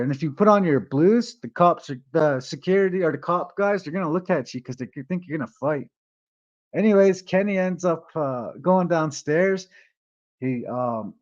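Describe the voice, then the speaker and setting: A man casually telling a long story to his viewers, rambling and swearing, often tagging his lines with "eh". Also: fairly high pitch. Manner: rambling, profane, tags lines with "eh". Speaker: vlogger. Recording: dull lo-fi sound.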